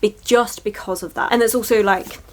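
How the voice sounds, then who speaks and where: A woman chatting casually in a reading vlog, excitable and rambling, gushing over books and a little tired. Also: medium pitch, a little fast, a little hiss or hum. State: tired from early shifts. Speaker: book vlogger.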